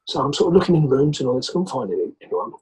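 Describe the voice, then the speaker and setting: Rattling along rapid-fire, this Englishman has a somewhat high voice with a breathy edge. He's an ex-rugby player guesting on a podcast, spinning a story and lively impersonating whoever he quotes, all on a rough-sounding recording.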